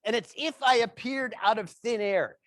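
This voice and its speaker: A man giving a humorous keynote talk, telling anecdotes with an animated, playful delivery. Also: high-pitched, normal speed, dry recording. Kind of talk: comic keynote storytelling.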